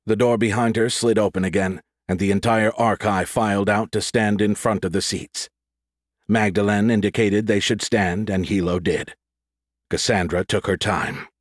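The audiobook narrator is a man whose voice sits fairly low, and he delivers the scripted text in a careful, descriptive manner. There's no echo; the sound is close and dry.

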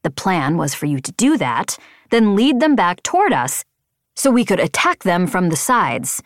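A woman's voice: on the low side, big pitch swings, moderate pace, no room sound, studio quality. A woman voicing a stern young male flight leader who speaks firmly and lectures. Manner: firm, lecturing.

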